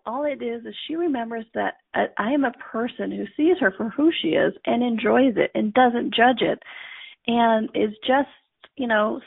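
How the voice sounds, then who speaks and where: A middle-aged woman hosting a show, telling a casual story in a chatty, animated way and laughing often. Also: fairly high pitch, creaky, slightly rough, no echo. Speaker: host. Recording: tinny phone-line sound.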